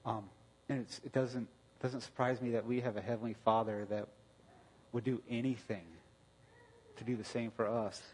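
Husky man preaching in a reverberant hall. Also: medium pitch, little pitch movement, moderate pace. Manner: storytelling, conversational, many restarts, bursts of loud outrage. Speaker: pastor. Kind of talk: sermon.

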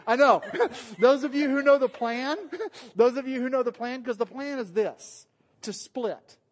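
A man with a Southern US accent preaching a sermon to a church group in a relaxed, conversational, joking way. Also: very high-pitched, a little slow, long reverb tail. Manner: joking, conversational, self-deprecating. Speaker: pastor. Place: church meeting room.

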